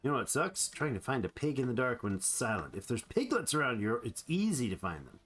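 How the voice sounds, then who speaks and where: A man's voice: medium pitch, very animated, fairly quick, a bit bright, slightly rough. A man giving playful, rambling let's play commentary on a survival game, chatting to the animals he meets. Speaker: gamer.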